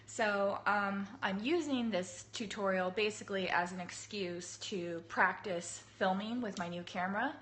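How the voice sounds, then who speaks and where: A woman in her thirties, hoarse from a cold, chatting casually to viewers while she sets up her cake workshop on a phone livestream. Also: a bit bright. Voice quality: husky, low. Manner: chatty, laughing, greets viewers by name. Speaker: cake artist hosting a livestream. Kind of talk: casual live-stream chat.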